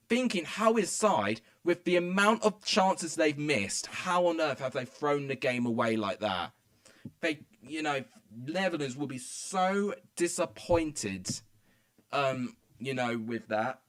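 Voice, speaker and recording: A young man giving excitable, rambling commentary as he live-streams a football match from home. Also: mid-range voice. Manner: excitable, rambling, many fillers. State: out of breath. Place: home room.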